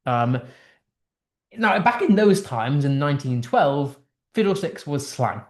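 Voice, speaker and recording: A man's voice: on the high side, sing-song, slow, echoey room. A man teaching English literature in a casual online lesson, explaining a text line by line in a chatty way with restarts, from the United Kingdom.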